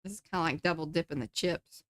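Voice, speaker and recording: A woman co-hosts a live art stream, chatting casually, joking, and reading viewer comments aloud. She speaks quickly in a low voice with a fairly bright tone.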